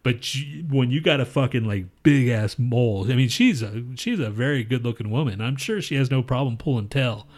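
Male co-host, middle pitch, casual, rambling, swears a lot. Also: brisk, hardly any pauses. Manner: rambling, profane, animated retelling. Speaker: podcast co-host. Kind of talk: casual crude storytelling.

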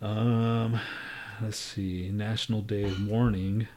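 Low-voiced man ranting and swearing. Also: little pitch movement, slow pace. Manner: profane and loud, ranting. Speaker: podcast co-host. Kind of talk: casual banter.

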